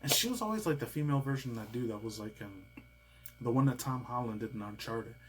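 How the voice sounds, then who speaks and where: A man's voice: medium pitch, animated, quick pace, background noise. Rambling man in his thirties. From United States. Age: 30s. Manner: rambling, slangy, loose and chatty. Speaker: reaction video host. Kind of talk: casual rambling reaction commentary.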